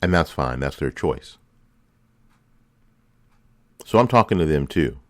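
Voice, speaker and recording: A man's voice: rumbling low, lively intonation, slow, dry recording. A man hosting a political commentary show, delivering an impassioned opinion monologue full of repeated rhetorical lines. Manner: impassioned, repetitive rhetorical questions.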